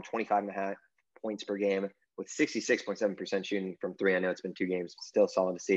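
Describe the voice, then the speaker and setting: Man, sports podcast co-host, rapid casual chat, rambling with fillers, dull lo-fi recording. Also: lowish voice. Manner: rambling, heavy on "I mean" and "you know" fillers.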